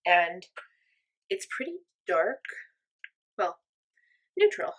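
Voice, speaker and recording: A woman's voice: medium pitch, normal speed. A young woman chatting through a makeup tutorial in an upbeat, chatty, self-deprecating way. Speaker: makeup vlogger. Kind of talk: casual makeup tutorial chat.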